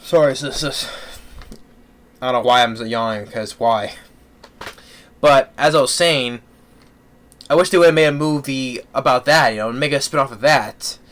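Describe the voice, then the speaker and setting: Man, casual movie review, smooth clean voice, mid-pitched, rambling, lots of fillers and false starts. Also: fairly bright tone. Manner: rambling, with many fillers and restarts. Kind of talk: casual spoken film review.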